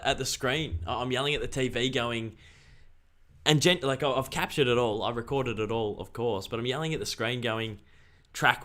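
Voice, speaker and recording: A young Australian man chatting casually on a live stream, excitable and rambling. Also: mid-range voice.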